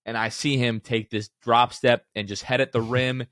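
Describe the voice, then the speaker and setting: A man in his thirties co-hosts a sports podcast at a mid pitch, and his stories come out excited and animated. His voice is dry and close on the mic, with no room sound around it. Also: moderate pace, dry recording. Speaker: podcast co-host. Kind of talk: casual sports podcast chat.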